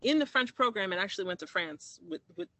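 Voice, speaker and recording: A man's voice: high voice, very animated, fast talker, vocal fry, bright, forceful tone, no room sound. A man from Maryland telling a personal story in an interview, reflective, with restarts and acted-out quoted dialogue. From Maryland, USA.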